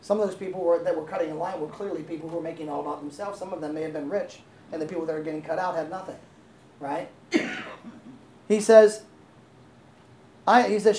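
A woman's voice: sits low, fairly even intonation, fairly quick, long pauses, dark tone. A woman pastor preaching a sermon in a conversational way, often asking the congregation questions and laughing easily. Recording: roomy echo, faint ambience.

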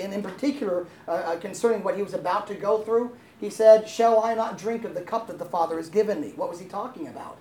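A woman's voice: mid-range voice, darkish tone, a little hiss or hum. A woman pastor preaching a sermon in a conversational way, often asking the congregation questions and laughing easily. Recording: roomy echo, faint ambience.

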